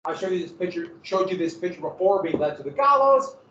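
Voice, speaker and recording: Animated American man lecturing in an echoey room. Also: high-pitched, fast talker, noisy background. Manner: animated, asks questions and answers them. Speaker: history teacher. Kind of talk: classroom lecture. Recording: echoey room, distant mic, muffled.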